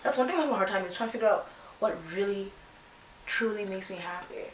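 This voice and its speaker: A woman's voice: mid-range voice, fast talker. Young canadian girl rambling through a makeup chat, kinda far from the mic, echoey room. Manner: rambling, chatty, lots of filler words. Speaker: beauty vlogger. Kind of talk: casual chat while doing makeup. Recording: roomy, distant mic, faint noise.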